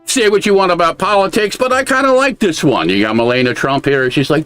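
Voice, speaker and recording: A man's voice: medium pitch, big pitch swings, fairly quick, hardly any pauses, fairly bright tone, soft background music. An American man co-hosting a podcast, giving blunt, casual commentary with a lot of swearing. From United States. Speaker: podcast co-host.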